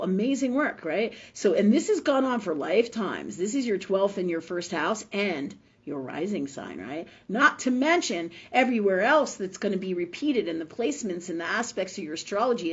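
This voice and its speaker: Her mid-range voice slightly rough, a woman in her fifties hosts a spiritual livestream while feeling unwell. She talks casually, bluntly, and emphatically, swears freely, and keeps asking "right?" The webcam or phone mic yields dull, slightly lo-fi sound.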